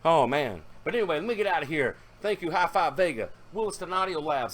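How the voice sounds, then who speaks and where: A man's voice: on the high side, very animated, brisk, few pauses. A man, talking casually and rambling in a hobby video, with fillers and self-corrections. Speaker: car audio hobbyist vlogger. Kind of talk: casual vlog narration.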